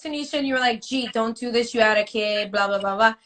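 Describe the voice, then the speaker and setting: Woman, podcast guest, high bright voice, careful, casual gossip. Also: fast.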